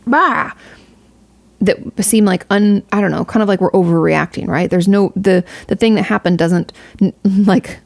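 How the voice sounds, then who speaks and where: A woman's voice: on the low side, gravelly, no echo. A young woman streamer giving casual, candid advice to a viewer, rambling with fillers and swearing freely. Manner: rambling with many fillers and restarts. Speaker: streamer answering a viewer question.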